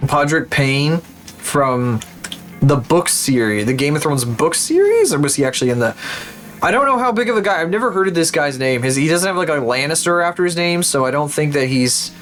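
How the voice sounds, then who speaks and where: A man's voice: a little high, animated, moderate pace, fairly bright tone, soft background music. A young man streaming live, commenting as he plays, swearing often and mumbling names aloud as he guesses.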